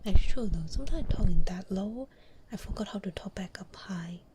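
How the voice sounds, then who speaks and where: A woman ASMR streamer chats to her viewers in a soft, breathy whisper, playful and quick to giggle. Her voice sits close on a binaural mic, and the stream audio carries clear noise and clicks. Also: mid-range voice, expressive. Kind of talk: whispered casual chat on a live stream. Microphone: binaural and condenser studio mics.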